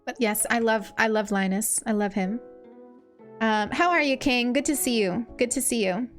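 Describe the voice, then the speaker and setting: Young woman, gentle streamer voice, fairly high, soft game music behind. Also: normal speed. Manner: gentle and affectionate, repeats greetings twice. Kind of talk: cozy casual chat while gaming. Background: faint game music.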